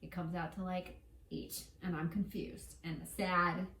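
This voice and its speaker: With a fairly low, slightly bright voice, a home baking host moves at a measured pace and keeps her pitch fairly flat. She's playful and chatty, addressing her dough while explaining the recipe. The distant mic picks up an echoey room.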